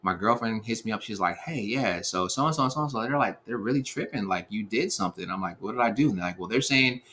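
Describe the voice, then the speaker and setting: A man in his thirties telling a personal story in a relaxed, slangy way, acting out the quotes as he goes. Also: fairly low pitch, fast, a little hiss or hum. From Seattle area, USA. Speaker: speaker sharing life advice. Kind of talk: storytelling talk.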